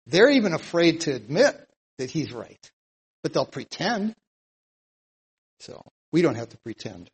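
A man teaching a psalm verse by verse in a sermon, earnest and plain-spoken, getting louder whenever he reads scripture aloud. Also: a little high, husky, low-quality recording. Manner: emphatic, louder when reading scripture aloud. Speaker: Bible teacher.

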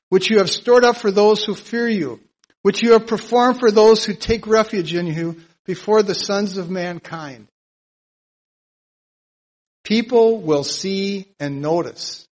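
A man teaching a psalm verse by verse in a sermon, earnest and plain-spoken, getting louder whenever he reads scripture aloud. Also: high-pitched, poor audio. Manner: emphatic, louder when reading scripture aloud. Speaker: Bible teacher.

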